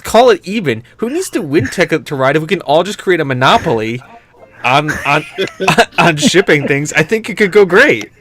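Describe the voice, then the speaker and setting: A man's voice: fairly high pitch, big pitch swings, moderate pace, fairly bright tone, slight background noise. A man co-hosting a podcast, chatting casually and joking while playing a board game. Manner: joking, laughing, slips into goofy accents. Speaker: podcast co-host.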